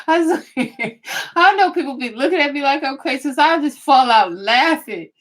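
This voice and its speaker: A woman's voice: high-pitched, very animated, slow pace, long pauses, sharp tone. A woman vlogger, chatting casually and laughing often as she gossips and swears. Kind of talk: casual chat commentary.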